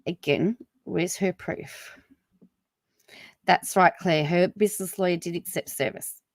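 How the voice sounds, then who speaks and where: A woman's voice: fairly low pitch, dry recording. Woman doing live commentary, chatty, bit incredulous, dry close sound. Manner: incredulous, chatty, quick asides to viewers. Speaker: commentary channel host.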